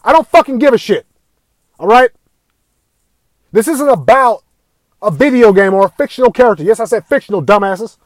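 A man with a high-pitched voice tears into his audience in a furious rant, swearing with nearly every sentence. His voice is dry and close, with no room sound around it. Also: animated, moderate pace, long pauses, no echo. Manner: heated, swearing constantly, raising voice at times. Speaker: video ranter. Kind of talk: angry profane rant.

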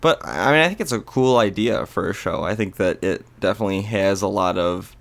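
A man's voice: lowish voice, fairly quick, gravelly, fairly bright tone. A man co-hosting a podcast, chatting in an easygoing way, hedging with "I mean" and "like". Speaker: podcast co-host. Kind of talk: casual chat.

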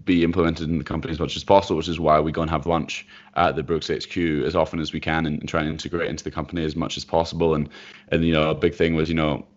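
A young man, a professional runner, talking casually and thoughtfully with many hesitations. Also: very deep voice. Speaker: professional runner, podcast co-host. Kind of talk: casual chat. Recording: dull lo-fi audio.

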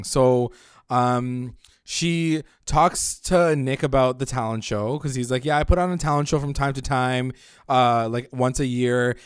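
A man casually recapping a show episode and swearing freely, jumping into loud voices when he quotes the characters. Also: medium pitch, smooth, dry recording, clean studio sound. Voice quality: animated, swears freely, acts out lines when retelling. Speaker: podcast co-host recapping a show. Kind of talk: casual chat.

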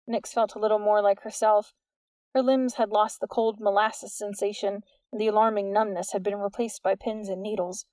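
A woman giving steady, measured scripted narration of a novel into a close studio mic. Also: mid-range voice, no echo. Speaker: audiobook narrator.

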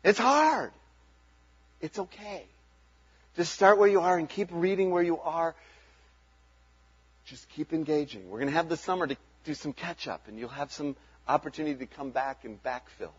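Man, pastor, sermon, high voice, husky, conversational, earnest, muffled lo-fi sound. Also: expressive, normal speed, pauses often. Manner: conversational, earnest, chuckles between points.

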